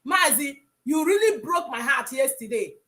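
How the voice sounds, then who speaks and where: A woman calling in to a live broadcast, speaking with emotion, pleading and at times shouting. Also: sits high, animated, normal speed. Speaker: caller. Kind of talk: impassioned live call-in speech.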